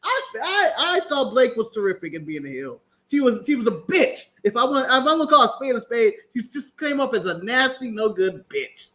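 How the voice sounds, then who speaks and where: High, bright-voiced American man chatting wrestling. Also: very animated, a little fast, few pauses. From United States. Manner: laughs often, restarts with stammered repeats. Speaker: podcast co-host. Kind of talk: casual wrestling chat.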